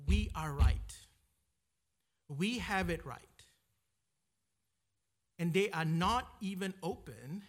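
A man with a high, bright voice teaches a Bible passage in an informal sermon. He keeps asking "right?" and circles back with frequent restarts and repeated words.

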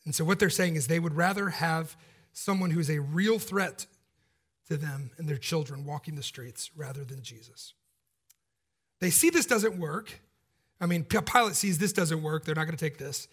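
A man's voice: a little high, normal speed, fairly bright tone, breathy edge. A man preaching a sermon in a casual, joking, conversational way.

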